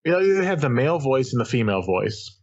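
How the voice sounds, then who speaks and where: A man co-hosting a gaming podcast, explaining things in a measured, careful way. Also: mid-range voice, very animated, darkish tone, husky, muffled recording. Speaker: podcast co-host. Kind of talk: casual chat.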